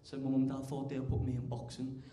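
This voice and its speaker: A teenage man doing stand-up on a club stage, chatty and quick to ask "right?". His voice is mellow and darkish, and the hall around him rings. He gets loud when he acts out scenes. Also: medium pitch, completely flat delivery, a little hiss or hum. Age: teens. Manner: chatty, keeps asking "right?", bursts loud for acted bits. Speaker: stand-up comedian. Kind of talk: stand-up comedy routine. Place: large comedy club stage. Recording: echoey live club room.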